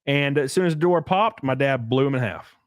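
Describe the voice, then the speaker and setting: A man's voice: medium pitch, fairly quick, no room sound, clean studio sound. Blunt, profane man in casual chat. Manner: blunt, profane, animated storytelling. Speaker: podcast host. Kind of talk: casual chat reading viewer comments.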